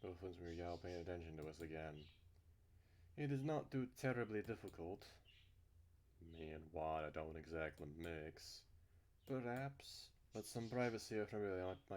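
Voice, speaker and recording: A young man reads a visual novel aloud and breaks off into profane, exasperated rants about it. His voice sits a little low. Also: moderate pace. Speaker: game streamer voicing a visual novel. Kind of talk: let's play reading and commentary.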